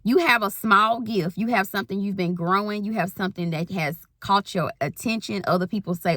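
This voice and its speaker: A woman's voice: mid-range voice, a little fast, few pauses, a bit bright, no echo, clean studio sound. A woman in her thirties, a spiritual life coach, giving a rambling, folksy pep talk in casual Southern slang. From Southern US countryside. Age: 30s.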